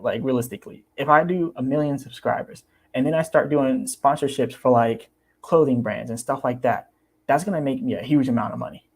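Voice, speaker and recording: A young man chats casually on his livestream. His voice sits at an ordinary, mid-range pitch for a man. He repeats himself and acts out the people he quotes, which keeps his delivery animated. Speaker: crypto YouTuber.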